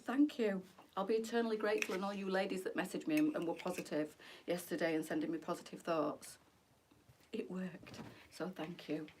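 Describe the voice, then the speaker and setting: A woman's voice: lowish voice, fairly even intonation, a little fast, darkish tone, recorded from a distance, a little hiss or hum. A middle-aged woman hosting a live boutique sales stream, chatty and emotional, close to tears as she talks to viewers. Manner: emotional, tearful, chatty, addresses viewers as girls. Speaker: live-selling boutique host. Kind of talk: live shopping stream chat.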